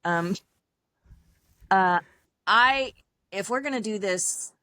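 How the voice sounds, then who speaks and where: A young adult woman, a podcast guest, telling her personal story in a casual, animated way, acting out other people's lines with laughs and fillers along the way. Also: medium pitch, takes it slowly, dry recording. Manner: animated, acts out quoted dialogue, frequent laughs and fillers.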